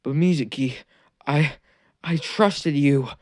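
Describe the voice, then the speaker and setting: Man playing young outcast boy ninja, stammering, pleading, higher strained voice, fan story. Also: slow pace, warm tone, no echo, studio quality. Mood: distraught.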